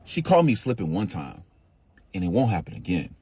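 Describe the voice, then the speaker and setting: A man's voice: deep voice, big pitch swings, brisk, darkish tone, husky, voice pushed down, full character voice. A man voicing a blunt, cocky teenage girl wrestler in a storytime, taunting matter-of-factly. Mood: smug.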